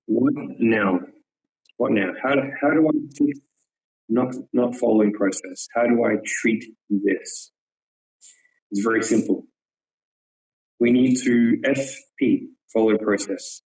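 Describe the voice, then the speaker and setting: In a webinar, an archery coach with a creaky, medium-pitched, darkish voice earnestly walks through technique. He repeats words for emphasis and checks in with a quick "yep," and the audio quality is poor.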